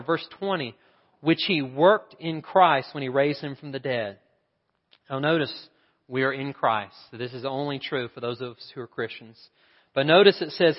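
A man's voice: on the high side, long reverb tail, muffled recording. A man preaching a sermon in a church, with emphatic rhetorical questions. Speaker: pastor. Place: church sanctuary.

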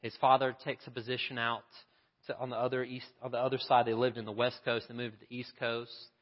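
Male preacher, storytelling sermon, animated, mid-pitched, long hall reverb, muffled sound. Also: a little fast. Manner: animated, acts out the voices in his story.

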